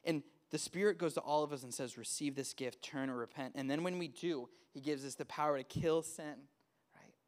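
A man's voice: on the high side, a little fast. A male pastor preaching in a casual way that keeps checking in with "right?", then leading the room in prayer. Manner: grows loud and fervent in prayer. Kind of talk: sermon, then guided prayer.

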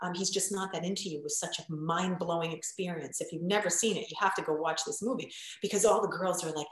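A woman podcast guest and coach chatting casually, telling stories bluntly and acting out quoted lines with lively voices. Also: lowish voice, fast, few pauses, heavy reverb, poor audio. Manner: animated storyteller, acts out quotes, blunt, swears.

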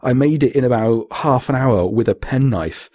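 A man with a husky voice, chatting casually on a podcast in a rambling, sweary way. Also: medium pitch, normal speed, dark tone, dry recording, clean studio sound. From Britain. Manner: rambling, sweary, laughs often. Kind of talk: casual chat.

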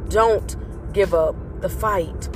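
A woman's voice: mid-range voice, slow pace, over music. A woman hosting a motivational vlog, giving an earnest, faith-based pep talk that repeats its points to encourage listeners.

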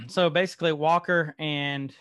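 A man co-hosting a casual TV-show podcast, talking in an animated way and laughing often. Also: fairly high pitch, takes it slowly, no echo, studio quality. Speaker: podcast co-host. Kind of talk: casual chat.

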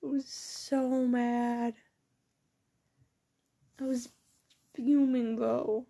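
Giggly high-voiced teen girl rambling. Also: flat delivery, drawn-out words, vocal fry, warm tone. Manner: rambling, profane, giggly storytelling. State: numb mouth after dental work. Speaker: vlogger. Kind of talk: casual chat.

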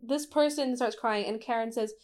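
A chatty woman in a casual podcast, telling a story with lots of laughter. Her voice sits a little high, and she acts out what other people said in quick, animated bursts. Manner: animated, laughing often, acting out quoted voices. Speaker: podcast co-host.

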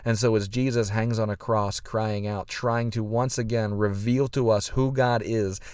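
A man's voice: on the low side, steady tone, moderate pace, darkish tone, clear, resonant tone, no room sound, studio quality. A man preaching a sermon, explaining scripture earnestly, with frequent fillers and restarts. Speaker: pastor.

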